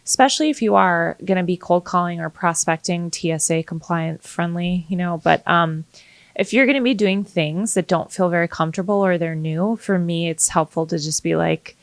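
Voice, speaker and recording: A woman real estate agent co-hosting a podcast, talking fast in casual chat. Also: on the low side, no echo.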